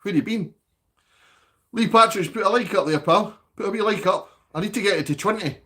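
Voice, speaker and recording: A Scottish man holds a relaxed live-stream chat from his home, his voice sitting a little higher than most men's. He natters on to his viewers, reads their comments out loud and keeps nudging them for likes. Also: a little fast.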